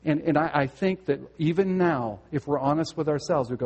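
Male pastor, earnest sermon delivery, questions the congregation, slightly high voice, reverberant hall. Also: a little fast, darkish tone, highs cut off. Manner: earnest, direct questions to listeners, repeats words.

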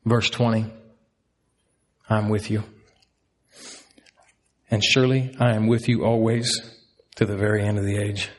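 A man's voice: lowish voice, level tone, measured pace, long pauses. Earnest male pastor preaching a sermon. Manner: earnest, repeats key lines for emphasis.

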